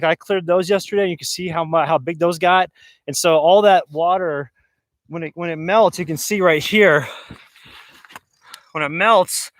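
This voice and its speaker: A man's voice: fairly high pitch, fairly bright tone, dry recording. A man livestreaming from a snowy off-grid camp, talking casually and rambling with many fillers and restarts as he walks around. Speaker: vlogger livestreaming off-grid camping. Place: outdoors in snow and inside a large tent.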